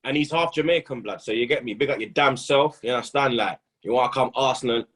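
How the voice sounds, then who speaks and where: A young man, a football pundit who talks in loud, animated street slang and keeps saying "blood" and "you understand". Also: medium pitch, fast talker. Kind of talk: casual football banter.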